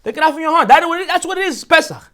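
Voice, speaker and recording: A man's voice: extremely high pitch, quick pace. A man giving a humorous Torah lecture as a rabbi, telling stories and asking rhetorical questions. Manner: animated storytelling, rhetorical questions. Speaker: rabbi teaching a holiday class.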